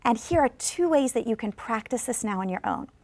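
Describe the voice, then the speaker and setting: A woman teaching an English lesson in a scripted classroom style, encouraging viewers to answer and modeling sentences slowly for them to repeat. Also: fairly high pitch, expressive, a little mellow, no room sound. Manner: slow, carefully drawn-out model sentences for repetition; encouraging, coaxes replies from viewers. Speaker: ESL teacher. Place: studio.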